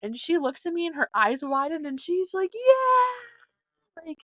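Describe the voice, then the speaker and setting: A young woman from Nebraska hosting a podcast, telling rambling stories in a chatty, casual way with lots of fillers and animated quoted voices. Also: sits high, a little fast, no room sound. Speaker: podcast host. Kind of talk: casual storytelling monologue.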